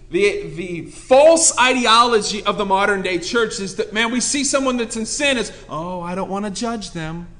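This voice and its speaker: High-voiced, bright young pastor preaching. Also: male voice. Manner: passionate, conversational preaching with jokes and emphatic repeats. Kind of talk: sermon.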